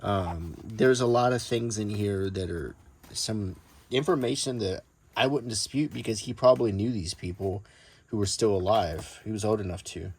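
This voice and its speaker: Showing off his collection, a book collector talks unscripted about his books in a husky, fairly low voice. He's soft-spoken and wandering, with plenty of ums and restarts, and reads from old newspapers in a measured way.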